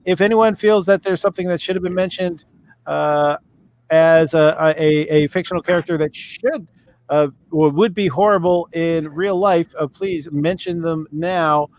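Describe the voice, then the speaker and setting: A man moderating a live comedy debate stream, pausing often with filler sounds. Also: on the high side. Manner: hesitant, many filler sounds.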